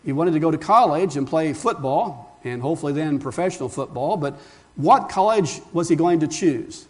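A man's voice: a little high, lively intonation, normal speed, darkish tone. A male pastor preaching a sermon emphatically, asking rhetorical questions and calling the congregation friends. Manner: addresses listeners as friends.

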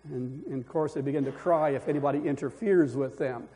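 A man's voice: medium pitch, fairly quick, mellow. An older man preaching a folksy storytelling sermon, rambling along with chuckles, frequent restarts and fillers.

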